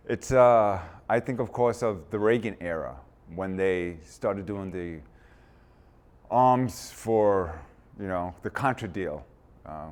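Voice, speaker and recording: Male talk show host, lower voice, reflective and halting. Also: darkish tone.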